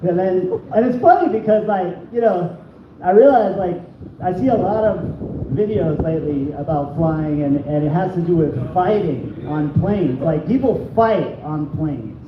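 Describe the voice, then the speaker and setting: A man's voice: high voice, expressive, unhurried, recorded from a distance, noisy background. A man performing a crude stand-up comedy set, laughing at his own jokes. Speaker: stand-up comic. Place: small comedy venue. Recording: echoey dull room recording.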